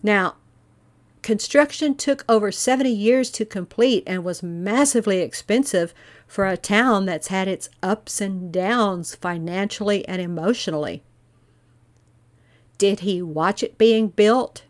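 A woman tells a true-crime story as a podcast host. She talks in an earnest, measured way and keeps turning to rhetorical questions. Her voice sits in a mid range. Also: mid-range voice. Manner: volunteer investigator speaking earnestly.

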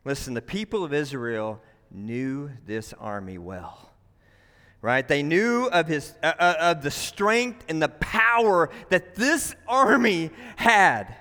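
Bright-voiced preacher man in a reverberant hall. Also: on the high side, sing-song, slow. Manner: emphatic, says "right?" often. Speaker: pastor. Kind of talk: sermon. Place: church sanctuary.

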